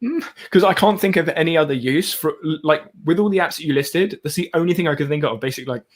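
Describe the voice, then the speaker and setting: A man's voice: fairly high pitch, fast talker. A young man in his twenties with a southeast English accent, chatting casually as host of a live stream, laughing often. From southeast England. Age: 20s.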